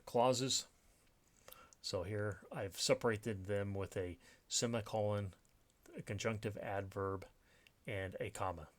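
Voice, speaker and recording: A man teaching a recorded grammar lesson over slides, explaining step by step with many fillers and restarts. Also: on the low side. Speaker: writing instructor.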